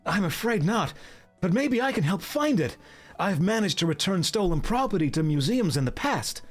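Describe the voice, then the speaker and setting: An eager young anime-style hero, voiced by a man in an earnest, upbeat tone, sitting a little higher than a normal speaking voice. The pitch moves in a lively way. It sounds like a player character in a game, read with only a light touch. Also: normal speed, soft background music.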